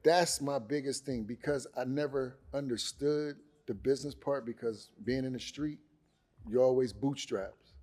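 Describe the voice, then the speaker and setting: Mellow-voiced man talking business. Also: mid-range voice, steady tone, normal speed. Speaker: embroidery business owner, podcast guest. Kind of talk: casual podcast conversation.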